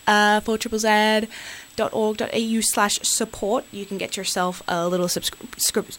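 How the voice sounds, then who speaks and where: A woman's voice: mid-range voice, level tone, moderate pace, fairly bright tone, a little hiss or hum. A young Australian woman hosting community radio, ranting on air into a studio microphone with an exasperated, rambling delivery full of fillers.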